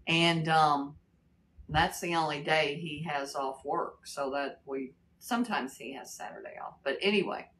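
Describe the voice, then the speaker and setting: A woman's voice: deep voice, unhurried, a bit bright, a little hiss or hum, poor audio. A woman in her sixties with a Kentucky accent and a Texas drawl, chatting casually on a livestream and greeting viewers by name. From Kentucky, raised in Texas. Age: 60s. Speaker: livestream host. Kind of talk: casual livestream chat reading comments.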